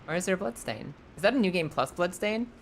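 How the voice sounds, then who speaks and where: Woman streamer, low voice that swings widely, loose swearing game commentary, faint room noise behind. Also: fast. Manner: animated, swears freely, jumps into squeals when startled. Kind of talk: casual live game commentary and chat.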